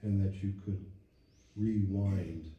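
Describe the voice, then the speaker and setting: A man's voice: deep voice, steady tone, slow pace, lo-fi sound. A man in his seventies reading his poems aloud at a public reading, wry and reflective, in a church hall. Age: 70s. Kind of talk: poetry reading. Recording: echoey hall, mic at a distance.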